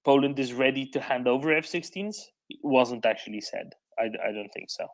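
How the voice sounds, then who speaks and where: A man hosting a live audio discussion, speaking in a measured way with frequent fillers and restarts. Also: mid-range voice. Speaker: host of online discussion.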